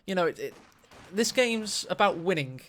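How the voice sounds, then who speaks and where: A man casting a strategy game match, excitable and quick to gasp at big plays. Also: sits high. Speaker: esports caster. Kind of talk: live game commentary.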